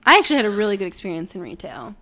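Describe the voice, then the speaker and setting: A young woman in casual chat, telling lively stories and acting out customers in voices. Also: medium pitch, very fast. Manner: animated storyteller, acts out customers in voices.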